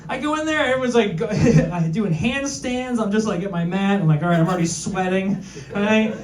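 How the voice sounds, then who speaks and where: A male stand-up comedian doing a self-deprecating set, tossing quick asides to the crowd. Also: sits high, animated, a little mellow. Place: comedy club with live audience. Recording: echoey club, distant mic, crowd noise.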